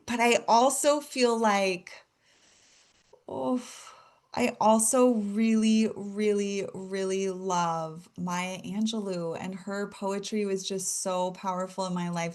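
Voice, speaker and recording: A woman talking as a podcast guest, lively and full of laughter. She gushes about the people and ideas she loves and keeps an easy, conversational flow. Her pitch sits in an ordinary middle range. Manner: animated, laughs often, gushing. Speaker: guest author. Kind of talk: casual interview chat.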